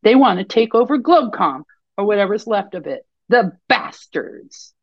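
A woman's voice: medium pitch, animated, moderate pace, dry recording, dull audio, voice pushed up. A woman reading the lines of a shaken male cyber vigilante, grieving and enraged, in an audiobook-style story. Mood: furious.

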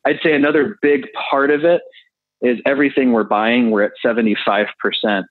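A man's voice: mid-range voice, steady tone, a little fast, no echo. A man explaining real estate deals as an interview guest, talking through figures with fillers. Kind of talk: casual interview answers. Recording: tinny phone line.

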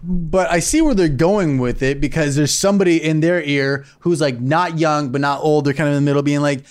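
A young man co-hosting a crude comedy podcast, riffing in loose banter and jumping into shouted mock voices. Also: fairly high pitch, brisk. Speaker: podcast co-host.

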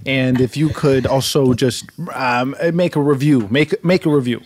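A man in an improv sketch playing an eager male podcast host who talks in halting, stammering bursts. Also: medium pitch, steady tone, a little mellow, a little hiss or hum, close to an everyday voice. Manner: halting, stammering, filler-heavy.

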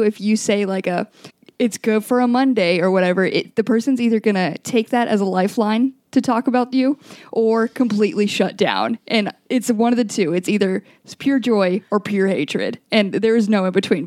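A woman co-hosting a podcast in casual chat, with wry, teasing asides and quick questions. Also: medium pitch, darkish tone, no echo, studio quality. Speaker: podcast co-host.

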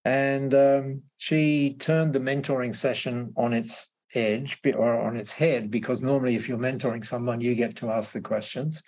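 Aussie guy, raspy husky voice, stumbles and repeats himself, chatty interview guest. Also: mid-range voice, fairly even intonation, normal speed, few pauses, darkish tone. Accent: Australian. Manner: stammering restarts, repeats words. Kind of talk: casual interview storytelling.

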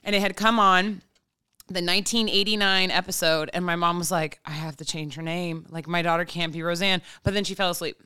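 A woman's voice: fairly low pitch, fairly even intonation, brisk, sharp tone, clear, resonant tone, no echo, studio quality. A woman guest telling funny family stories in casual chat, acting out the people she quotes. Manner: comic storyteller, acts out quoted voices. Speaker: podcast guest. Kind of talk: casual storytelling.

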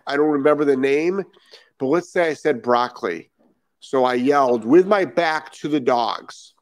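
A man from Rhode Island hosting a live stream about dog training, answering viewer comments as they come in. He talks emphatically, repeats his key points and leans on rhetorical questions. His voice sits at an ordinary pitch for a man, and the sound is dry and close. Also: no room sound.

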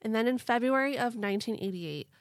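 A young woman hosting a podcast, telling a story in a casual, animated way with lots of "like" and laughter. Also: a little high, quick pace, no room sound, clean studio sound. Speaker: podcast host.

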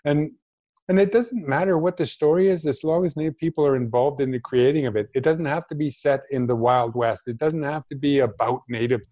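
A man's voice: a little high, fairly quick, warm tone, no echo, highs cut off. A middle-aged man, an actor guest in a casual chat, speaking earnestly and bluntly.

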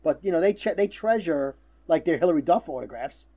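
A man's voice: fairly high pitch, animated, a little fast, mellow, slightly rough. A middle-aged man hosting a podcast, telling stories in a teasing, casual way with plenty of fillers. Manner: storytelling, teasing, stumbles on fillers. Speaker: podcast host.

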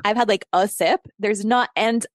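Guesting on someone else's casual interview, this podcast host in her thirties recounts a tense story from her own life, swearing freely, laughing a lot, and performing shouted lines. Her mid-range voice keeps a moderate pace, and the close, dry audio carries no sense of the room.

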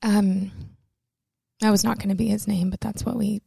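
A woman's voice: mid-range voice, steady tone, normal speed, vocal fry, mellow, husky. A young woman telling a personal story to camera, candid and emotional, chatty with many fillers and close to tears at times. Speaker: vlogger.

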